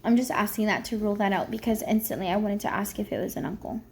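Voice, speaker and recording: A woman's voice: medium pitch, quick pace, slight background noise. A woman psychic medium giving a casual, rambling spirit reading on camera, full of fillers. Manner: chatty, rambling, many fillers.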